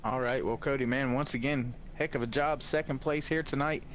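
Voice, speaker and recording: A man's voice: medium pitch, fairly even intonation, a little fast, a bit bright, slight background noise. A man commentating from the broadcast booth, talking casually and repeating folksy phrases. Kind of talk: post-race commentary.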